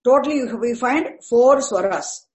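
Woman, high voice, patient teacher who repeats herself often. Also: expressive, a little mellow, low-quality recording. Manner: patient, repetitive, restarts words and spells out terms slowly. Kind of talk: explaining Vedic chanting accents to a class.

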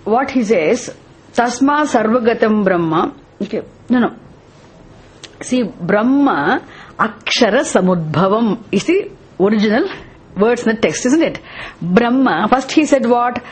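Husky, fairly high woman teacher; patient scripture lesson, asks questions and repeats key terms. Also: expressive, a little slow.

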